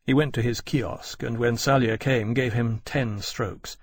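A man narrates a novel in an even, measured voice. His tone is gravelly and a little husky, at a middle pitch. The recording is dry and close, with no room sound. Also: no echo. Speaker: audiobook narrator. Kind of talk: scripted narration.

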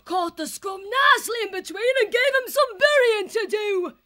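A man doing a husky scarred squirrel warrior woman. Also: extremely high pitch, animated, moderate pace, sharp tone, voice pushed up, heavily acted. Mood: boastful. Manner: rough, boastful soldier talk. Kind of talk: audiobook character voice.

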